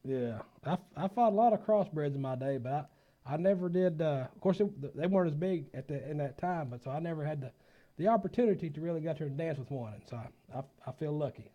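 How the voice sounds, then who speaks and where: A man's voice: on the high side, lively intonation, quick pace, dull audio. A man with a Texan accent hosting a ranch talk show, chatting in an easygoing country way and chuckling often. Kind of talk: casual interview chat.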